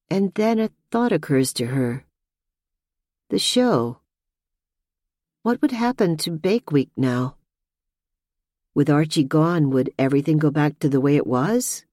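A woman reading a suspense novel aloud in a tense, measured narration. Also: low voice, mellow, husky, no echo, studio quality. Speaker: audiobook narrator. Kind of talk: scripted narration.

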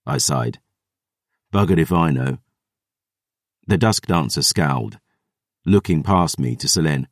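A man narrating an audiobook in the first person, with a gruff, sardonic, measured delivery. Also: a bass voice, animated, no room sound, studio quality.

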